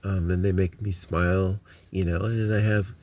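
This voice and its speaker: Low-voiced man chatting, full of ums. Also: flat delivery, normal speed, darkish tone, a little hiss or hum. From United States. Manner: rambling, with many ums and restarts. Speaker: vlogger. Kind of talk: casual chat to viewers. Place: inside a parked car.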